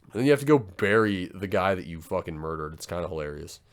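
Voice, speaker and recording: A man's voice: deep voice, animated, quick pace. A young man co-hosting a podcast in casual chat, joking crudely and swearing often. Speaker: podcast co-host.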